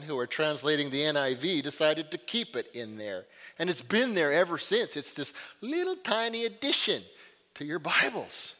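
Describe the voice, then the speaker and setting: A middle-aged man preaching a sermon, telling stories with energy and swinging from loud outbursts to hushed lines. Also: on the high side. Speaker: pastor. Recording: long reverb of a large hall.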